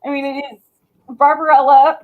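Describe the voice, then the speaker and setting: A woman with a high voice talks eagerly on a fan panel. She laughs often and keeps an excited, chatty flow. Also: moderate pace, narrow, tinny audio. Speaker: convention panelist. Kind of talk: casual panel chat on a video call.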